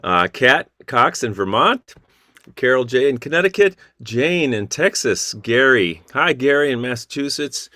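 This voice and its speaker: A man hosting an online song gathering over a video call, warmly greeting viewers by name and town. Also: medium pitch, animated, a little slow, no room sound, clean studio sound. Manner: friendly, reading out viewer names. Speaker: host. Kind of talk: online sing-along greeting.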